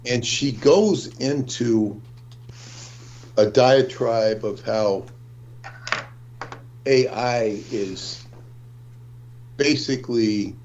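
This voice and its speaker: A man co-hosting a livestream discussion, speaking in a measured, deliberate way. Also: mid-range voice, darkish tone, highs cut off, slight background noise. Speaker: livestream co-host.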